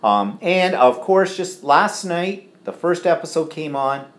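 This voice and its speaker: A man's voice: on the high side, expressive, a little slow. A man co-hosting a live home stream, chatting casually and reading out viewer comments with lots of fillers. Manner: rambling, chatty, filler-heavy. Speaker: co-host of a live stream show. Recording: echoey room.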